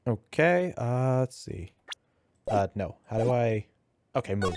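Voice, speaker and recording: A man's voice: medium pitch, animated, takes it slowly, a little mellow, slight background noise. A man co-hosting a game stream, playful and laughing easily in casual commentary. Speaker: gaming channel co-host.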